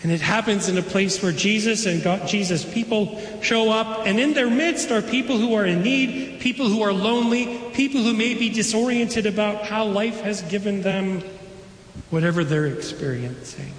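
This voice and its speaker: A pastor preaching a sermon, conversational, with playful asides to the congregation. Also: male voice, high voice, normal speed. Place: church sanctuary. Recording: echoey sanctuary, long reverb.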